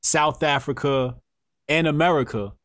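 A man in casual podcast talk, making measured arguments. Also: a little high, a bit bright, dry recording, studio quality.

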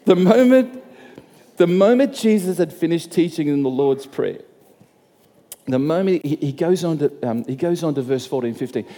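Man, pastor giving a sermon, slightly high mellow voice, chatty and repetitive, long hall reverb. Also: lively intonation, moderate pace. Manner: conversational, repeats and restarts phrases, asks the crowd questions.

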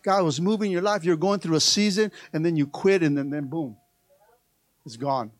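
A middle-aged man preaching a sermon as pastor, swinging between quiet asides and loud rallying shouts, joking with the congregation. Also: fairly high pitch, normal speed, no room sound.

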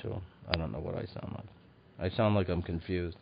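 A man from Chicago with a very low voice hosts a podcast, chatting loosely and casually at a moderate pace. He rambles and hesitates with plenty of fillers, and the dull, lo-fi audio carries a clear hiss underneath.

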